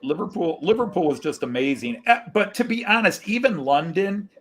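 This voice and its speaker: A man's voice: sits high, expressive, normal speed, fairly bright tone. An American man hosting a casual live chat, telling long rambling stories with lots of fillers and restarts. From United States. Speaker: livestream host.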